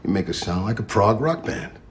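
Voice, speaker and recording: An actor playing a sardonic gangster with a dry, mocking deadpan, heard from a TV clip. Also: male voice, on the low side, brisk, slight background noise, close to an everyday voice.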